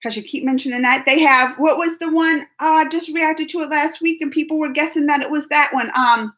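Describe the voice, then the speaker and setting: This young woman runs her own channel and chats casually on a livestream, responding to viewer questions with plenty of laughter. Animated and talkative, she often restarts what she's saying, in a high voice at a slightly fast pace.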